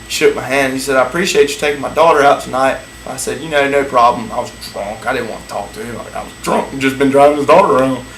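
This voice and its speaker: A man spins a crude, profane date story in a relaxed drawl, often breaking into laughter at his own punchlines. His voice rings in an echoey room with a faint hiss under it. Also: medium pitch, fast, few pauses.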